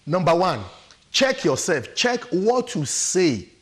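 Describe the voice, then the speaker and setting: A man's voice: high voice, very animated, slow. A man with a Nigerian English accent, giving emphatic relationship advice on a studio talk show. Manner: emphatic, acts out quotes, laughs often. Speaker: studio guest counsellor.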